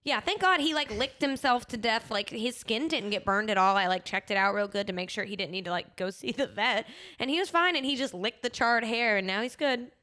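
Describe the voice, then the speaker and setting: Animated young woman podcast host. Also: on the high side, fairly quick, hardly any pauses. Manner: animated storyteller, full of "like". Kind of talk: casual chat.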